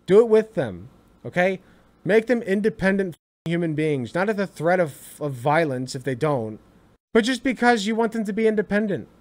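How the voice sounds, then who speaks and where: Young man, high voice, wildly swinging pitch, exasperated reaction commentary, swears a lot. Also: big pitch swings, moderate pace, a little mellow. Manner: exasperated, swears freely, repeats himself for emphasis.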